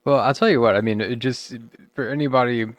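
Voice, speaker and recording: A man's voice: mid-range voice, fairly quick, dry recording. A man hosting a podcast, giving encouraging advice in casual chat with everyday sayings. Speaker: podcast host.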